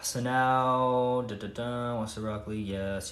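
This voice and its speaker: A man's voice: mid-range voice, fairly even intonation, takes it slowly, a bit bright. A man talking casually to camera while he cooks in his home kitchen, thinking aloud as he goes. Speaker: home cook vlogger. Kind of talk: casual cooking vlog chat. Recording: roomy, distant, noisy kitchen audio.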